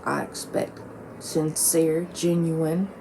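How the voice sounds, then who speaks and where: A woman's voice: low-pitched, flat delivery, takes it slowly, gravelly, noisy background. A woman talking bluntly and profanely in a rambling casual monologue, with lots of "like"s. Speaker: vlogger.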